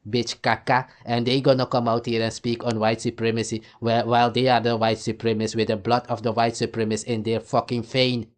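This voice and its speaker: A man's voice: medium pitch, level tone, a little fast, few pauses. A male commentator delivering a heated, profane rant between clips, firing off repeated rhetorical questions. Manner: angry, repetitive rhetorical questions.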